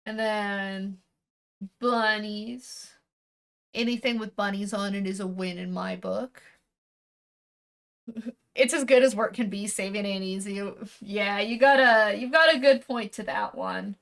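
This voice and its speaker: A woman's voice: mid-range voice, measured pace, long pauses, a bit bright. Rambling woman streamer chatting casually. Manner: rambling, self-correcting, casually swearing, chuckling. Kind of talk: casual stream chat while unboxing.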